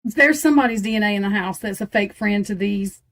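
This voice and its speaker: A woman's voice: medium pitch, fairly quick, fairly bright tone. A woman reading tarot on a live stream, chatting to her viewers in a flustered, giggly way and laughing between her lines. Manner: talks straight to viewers and chat.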